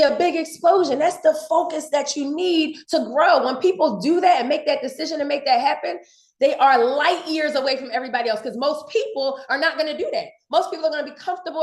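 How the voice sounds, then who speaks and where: A woman from giving an excited, fast motivational sales training talk, repeating her points. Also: high voice, reverberant. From Philadelphia.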